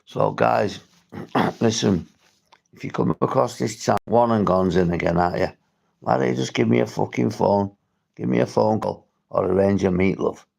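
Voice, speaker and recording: A man's voice: lowish voice, moderate pace, a little mellow. A man from St Helens with a Merseyside accent, talking bluntly on a livestream about drug recovery, swearing often and restarting his sentences. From St Helens, England. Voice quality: gravelly, husky. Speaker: recovery vlogger. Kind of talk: livestream talk to viewers.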